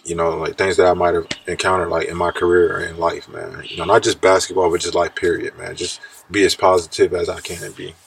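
Man, thirties, low pitch, gravelly, relaxed podcast guest, slightly distant mic. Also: a little fast, hardly any pauses. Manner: laid-back, says "man" often. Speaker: guest, pro basketball player. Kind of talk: casual podcast interview.

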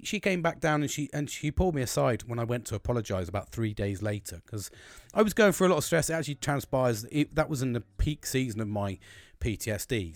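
A man's voice: fairly low pitch, no room sound. A man in his thirties hosting a late-night podcast, talking candidly and rambling with frequent swearing and restarts. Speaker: podcast host.

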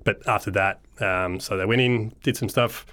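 A man with an Australian accent speaks in a fairly low voice as a guest in a casual interview. He tells his story in an easygoing, reflective way and laughs often. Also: steady tone, moderate pace, fairly bright tone. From Melbourne, Australia. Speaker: guest, charity founder.

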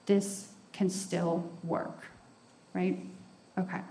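A woman's voice: lowish voice, little pitch movement, extremely slow, very noisy. Frank woman in a roomy echo. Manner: frank, self-mocking, emphatic with frequent "right?". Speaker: recovery program speaker. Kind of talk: candid talk on recovery. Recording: roomy echo, faint ambience.

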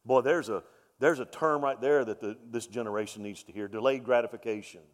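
A man's voice: mid-range voice, a little fast. A man preaching a sermon as pastor, emphatic, repeating key lines and asking rhetorical questions. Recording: long reverb of a large hall.

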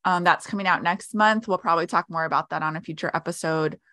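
A woman's voice: lowish voice, fast talker, pushed and bright, dry recording, studio quality. A woman co-hosting a casual podcast, chatty with frequent fillers. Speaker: podcast co-host.

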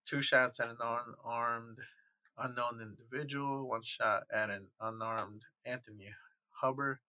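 A man's voice: mid-range voice, steady tone, unhurried, pushed and bright, no echo. A man hosting a podcast, reading news aloud and breaking into heated, profane rants. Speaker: podcast host. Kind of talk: angry commentary.

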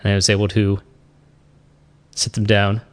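A man's voice: fairly low pitch, completely flat delivery, moderate pace. A man hosting a podcast, talking casually and poking fun at himself, often trailing off and restarting. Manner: chatty, self-deprecating, trails off and restarts. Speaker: podcast host. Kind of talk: casual podcast chat and solo wrap-up.

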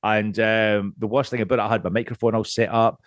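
A man's voice: lowish voice, level tone, a little fast, no room sound, clean studio sound. A Scottish man on a podcast as a guest, chatting casually, rambling, swearing freely and laughing often. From Scotland.

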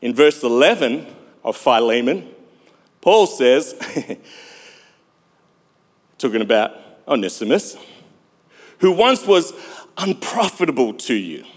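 A male pastor preaching a sermon, emphatic, with dramatic pauses and sudden loud swells. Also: on the high side. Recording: long hall reverb.

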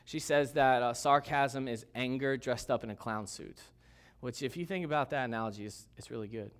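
A middle-aged pastor preaching a sermon in a church, conversational and joking, with asides to the congregation. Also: male voice, mid-range voice, brisk, fairly bright tone, clear, resonant tone.

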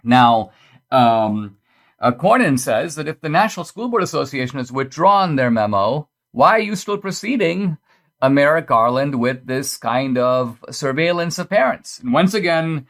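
A man's voice: mid-range voice, expressive, normal speed, fairly bright tone. A man hosting a podcast, delivering a political commentary monologue in an emphatic, pointed and sarcastic manner. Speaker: podcast host.

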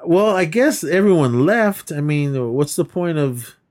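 A man's voice: fairly high pitch, animated, measured pace, darkish tone. A man co-hosting a podcast, casually recapping a film in a rambling way, acting out quoted lines and laughing as he goes. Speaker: podcast co-host. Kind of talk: casual movie recap chat.

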